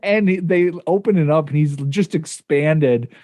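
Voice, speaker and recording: Rambling, self-amused podcast co-host, dry mic. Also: male voice, on the high side, unhurried, a little mellow, no room sound. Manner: rambling, laughs at himself, many fillers. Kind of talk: casual chat.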